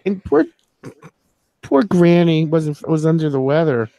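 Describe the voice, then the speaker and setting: A man telling stories in a casual group chat, chatty and quick to laugh. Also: a little high, very animated, creaky, warm tone, no room sound.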